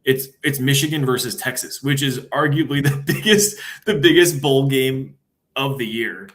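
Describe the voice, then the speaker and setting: A young man co-hosting a casual sports chat show, upbeat and laid-back as he runs quickly through his picks. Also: medium pitch, fairly bright tone.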